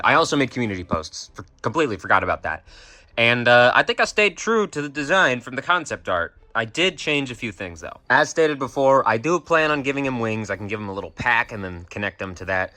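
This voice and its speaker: Young dude rambling n swearing in a casual vlog, lowish punchy voice, self-mocking. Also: male voice, bright, forceful tone. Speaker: plush maker and video creator.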